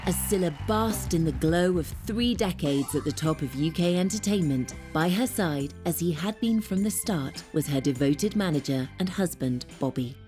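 A woman narrates a documentary in a measured, scripted voice. It sits slightly low over a clear music bed. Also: animated, dark tone.

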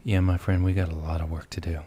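A man with a very deep, mellow voice hosts a radio talk show. He speaks reflectively and affirms his guest. His talk is relaxed interview conversation. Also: quick pace, breathy edge.

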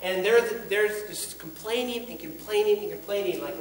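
A man teaching the Bible as a preacher, speaking earnestly and emphatically, slowing down on key lines. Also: high-pitched, echoey room, slight background noise, rough recording.

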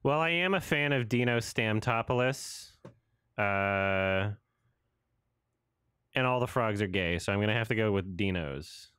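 A man's voice: lowish voice, animated, a little slow, a bit bright, clear, resonant tone, dry recording, studio quality. A man in his thirties doing casual, sarcastic reaction commentary on a trailer, laughing and swearing as he goes.

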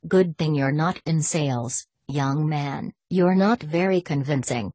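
A pompous old knight on crutches, haughty and sharp-tongued, as a woman reads him in an audiobook. The voice sits low and husky, and the recording is close and dry. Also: a little slow, no echo. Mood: imperious. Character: pompous scheming older British knight on crutches.

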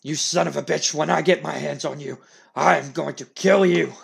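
A man voicing an outraged wrestling company boss, yelling in a raised, higher voice. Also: a little slow, vocal fry, breathy edge, full character voice. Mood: furious. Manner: shouting, outraged, higher-pitched delivery. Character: furious grieving male wrestling company boss.

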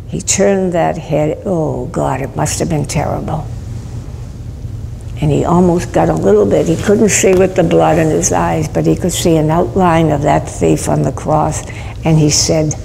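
A Catholic nun telling stories in an animated sermon to a school audience, with sudden bursts of emphasis. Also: female voice, fairly low pitch, normal speed, creaky. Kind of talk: storytelling sermon. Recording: hall recording with faint ambient noise.

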